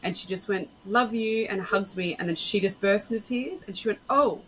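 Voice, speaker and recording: Woman podcast host, frank and lively, mid pitch, acts out what people said, faint background hiss. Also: moderate pace, low-quality recording. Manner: warm, animated storyteller, frank, acts out quotes. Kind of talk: casual podcast conversation.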